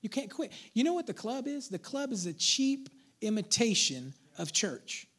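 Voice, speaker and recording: High-voiced pastor preaching playfully. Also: male voice, sing-song, moderate pace, fairly bright tone. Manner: conversational, playful preaching with call-outs to the congregation. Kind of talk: sermon.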